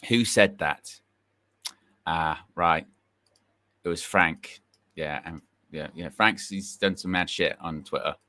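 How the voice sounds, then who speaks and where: Podcast guy with a sharp bright voice, dry close sound, rambles and repeats stuff. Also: low voice, takes it slowly, long pauses, dry recording. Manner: rambling, repeats himself, wry. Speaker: co-host of a fan podcast. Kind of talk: casual podcast chat.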